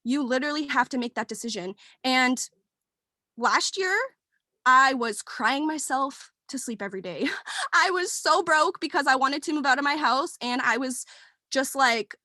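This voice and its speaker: Nearly crying, a team member in her twenties tells an emotional personal story at a work meeting. Her voice is high and sharp, expressive at a normal speed, and her rambling talk is packed with fillers and false starts; the room sounds dry, without echo.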